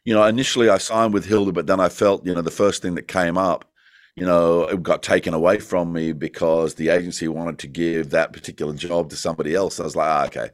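Australian man, middle-aged, very low voice, dry close recording, rambling interview storyteller, laughs often. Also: fairly even intonation, quick pace, dry recording. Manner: rambling, frequent "you know", laughs as he tells. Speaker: actor guest.

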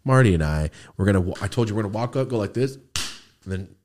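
A young man co-hosting a loose podcast, ranting and cursing as he talks. His pitch leaps around constantly and he bursts into shouted impressions. The tone is easygoing and unscripted. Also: fast. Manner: animated ranting, swearing, jumps into shouted impressions. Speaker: podcast co-host. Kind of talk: casual podcast chat.

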